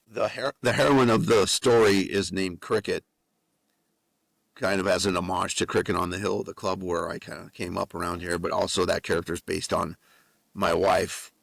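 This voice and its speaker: Low gravelly man telling a story. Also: dry recording. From New Mexico. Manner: animated storyteller with frequent profanity. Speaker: guest author and musician. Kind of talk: casual storytelling.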